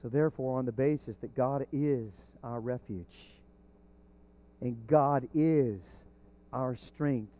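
A man preaching a sermon as pastor, slow and emphatic, swelling on key words. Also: mid-range voice, warm tone, dry recording.

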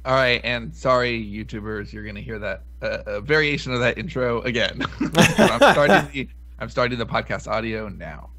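A man's voice: fairly low pitch, fairly quick, hardly any pauses, pushed and bright. A man co-hosting a casual podcast chat, laid-back and playful. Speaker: podcast co-host.

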